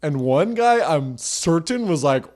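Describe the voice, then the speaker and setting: A man's voice: a little high, very animated, unhurried, darkish tone. A man co-hosting a casual podcast, telling a story in a rambling way and laughing mid-sentence. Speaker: podcast co-host.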